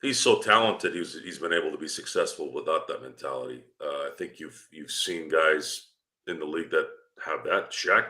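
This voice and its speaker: A man's voice: rumbling low, moderate pace, pushed and bright. A man talking heatedly as a guest on a fan podcast, asking rhetorical questions and swearing freely. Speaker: guest commentator. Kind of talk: casual podcast chat.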